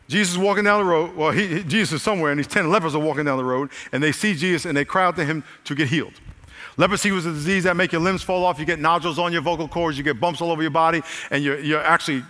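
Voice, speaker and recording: Brief: male pastor, bright forceful delivery, raised voice, energetic sermon with audience call-outs. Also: fairly high pitch, big-room sound. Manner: energetic, repeats lines, calls out to the congregation. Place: large church hall.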